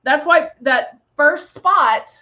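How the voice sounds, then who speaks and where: Chatty woman doing a makeup tutorial, high voice, kinda dull lo-fi sound, goofy sound effects. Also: animated, takes it slowly, pushed and bright. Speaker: makeup demonstrator.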